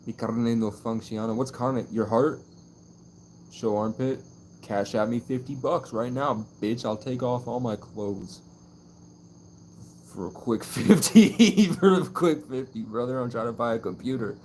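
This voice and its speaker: A man's voice: mid-range voice, fairly even intonation, unhurried, a little mellow, a little hiss or hum. A man chatting erratically on a livestream, swinging between mystical musing and mock-angry, profane rants, outdoors at night. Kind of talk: rambling livestream chat with viewers.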